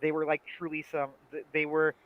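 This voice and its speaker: A man's voice: on the high side, completely flat delivery, brisk, phone-quality sound. A man co-hosting a livestream, chatting casually and making emphatic, opinionated points. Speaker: livestream co-host. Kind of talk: casual chat.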